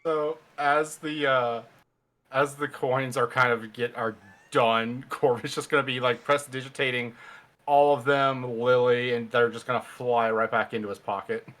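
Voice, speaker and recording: A man's voice: medium pitch, fairly even intonation, moderate pace, a bit bright. A man playing a tabletop game, joking around with hesitant, stumbling speech. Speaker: player. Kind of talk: casual tabletop play.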